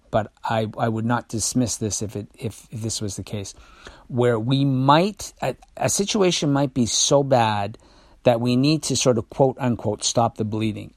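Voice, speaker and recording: A podcast host telling a candid personal story in a reflective, confessional way, halting often with restarts and fillers. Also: male voice, medium pitch, no echo, clean studio sound.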